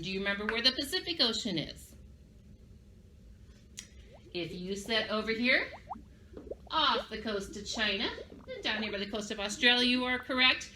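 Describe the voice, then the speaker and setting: Against a noisy background, a fairly high-pitched woman runs a children's craft and vocabulary session as a library presenter. She keeps it upbeat and sing-song, prompting the young audience to say words back to her.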